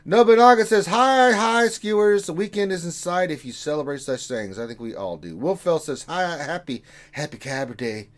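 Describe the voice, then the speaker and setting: A man's voice: a little high, sing-song, moderate pace, hardly any pauses. A man hosting a casual gaming livestream, reading out viewer messages with jokey asides. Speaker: stream host reading chat.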